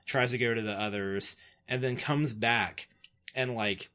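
A podcast co-host rambling casually through a TV plot, packing his talk with "like" and quick laughs. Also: medium pitch, steady tone, bright, forceful tone. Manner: rambling, filler-heavy retelling with frequent "like" and laughs. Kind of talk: casual chat.

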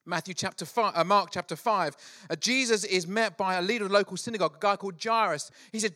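A middle-aged man preaching a sermon, telling Bible stories in an animated, joking way with quick acted asides. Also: sits high. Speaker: pastor.

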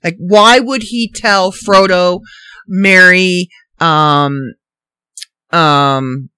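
A woman hosting a casual solo podcast, ranting in an animated, incredulous, rambling way. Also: lowish voice, extremely slow, clear, resonant tone, no echo. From Canada. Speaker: podcast host.

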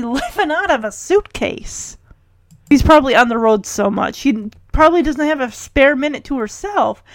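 A woman's voice: high voice, no echo. A woman chatting casually as she recaps a TV episode, rambling and full of fillers.

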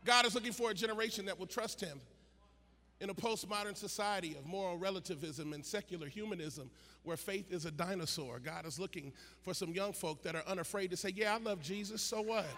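A male preacher with a high, bright, ringing voice. He rises into shouted, sing-song peaks as he preaches. The sound rings with the long reverb of a big hall, with a faint murmur of noise under it. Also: brisk. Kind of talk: sermon. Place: large conference hall.

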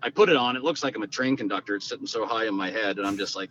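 A man, a guest telling stories in an animated, conversational way and acting out the quoted lines. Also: rapid-fire. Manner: animated, acts out quoted dialogue. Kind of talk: conversational storytelling. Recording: dull lo-fi sound with faint rumble.

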